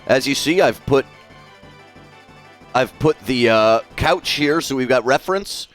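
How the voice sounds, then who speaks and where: A man's voice: mid-range voice, lively intonation, measured pace, a bit bright, faint music behind. A man live-streaming while he draws, chatting casually, swearing freely and reading out viewers' messages. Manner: chatty, swears freely, reads chat aloud.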